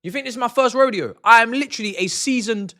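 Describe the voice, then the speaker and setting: A young man, ranting and exasperated while streaming a football watch-along, swinging from shouts to grumbling mutters. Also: very high-pitched, fast.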